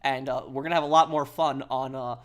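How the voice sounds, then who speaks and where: A man streaming a game, chatting casually and haltingly, reading out and answering chat. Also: medium pitch, steady tone, fairly bright tone.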